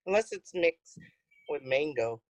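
A woman co-hosting a podcast in casual chat, rambling through her thoughts with many pauses. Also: deep voice, expressive, darkish tone, a little hiss or hum, poor audio. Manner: rambling, hesitant with fillers. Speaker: podcast co-host.

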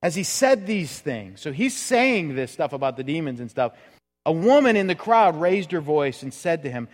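A man's voice: fairly high pitch, big pitch swings, normal speed. A male pastor giving a conversational sermon in a church, full of rhetorical questions and acted-out quotes. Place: church sanctuary. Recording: reverberant church hall.

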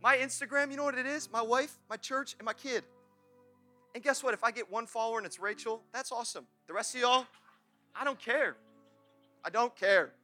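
High bright-voiced passionate young male preacher. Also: fairly quick, soft background music. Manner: passionate, swings from shouting praise to quiet confession. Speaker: pastor. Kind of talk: sermon. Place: church service.

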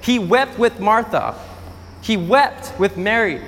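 High-pitched male preacher, emphatic storyteller who repeats lines for effect, long hall reverb. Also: takes it slowly, a bit bright. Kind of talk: sermon.

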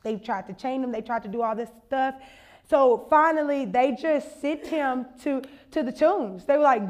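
A young woman with a bright, high voice gives a sermon. She chats loosely and jokes with her listeners, then builds to a passionate, urgent appeal. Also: normal speed. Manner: conversational, humorous, building to impassioned exhortation. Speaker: conference speaker.

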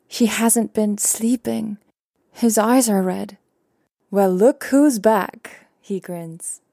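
A young adult woman reading a first-person story aloud in a calm, even narration with quiet character voices. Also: mid-range voice, dry recording, clean studio sound. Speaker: audiobook narrator.

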